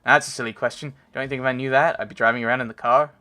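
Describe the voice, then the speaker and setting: A man's voice: medium pitch, steady tone, very fast, a bit bright, lightly acted. A man voicing a folksy, boastful old male mechanic from a game, with a homespun drawl and background music. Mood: chiding.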